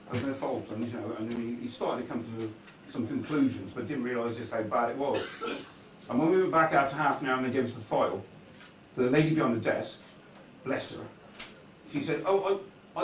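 A male guest speaker gives a rambling, conversational talk to an audience in a meeting hall, repeatedly checking in with "right?" His voice is medium-pitched, and the echoey room was recorded from afar on a distant mic with slight background noise.

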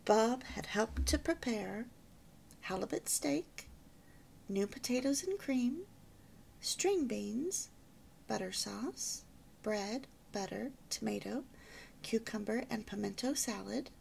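Woman, audiobook narration, soft and hushed, slightly high, a bit gravelly. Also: animated, slow, long pauses, a little hiss or hum.

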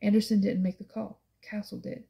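A tough young rebel fighter who talks in blunt, urgent orders, as a woman reads him. His voice sounds dark and gravelly, pitched like her own, in a storybook reading. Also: little pitch movement, a little fast, natural voice.

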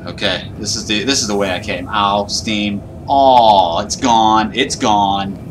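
Man, gaming commentary, jittery and panicky, low-pitched, noisy recording. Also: steady tone, slow pace. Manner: nervous, panicky self-talk. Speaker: gaming YouTuber. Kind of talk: horror game let's play commentary.

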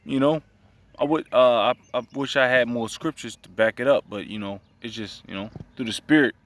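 Man, mid-pitched, irritated lay preacher, curses and repeats himself; mic set far off, birds behind. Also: a little fast. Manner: profane, repetitive, agitated. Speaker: religious commentator. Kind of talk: casual religious commentary.

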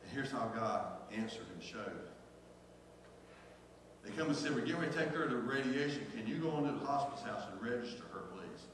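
A man's voice: medium pitch, animated, a little fast, fairly bright tone, slight background noise. Middle-aged male pastor, emotional sermon, roomy hall reverb, distant mic. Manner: emotional, repeats phrases, calls out to the congregation. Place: church sanctuary. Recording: echoey church hall from far off.

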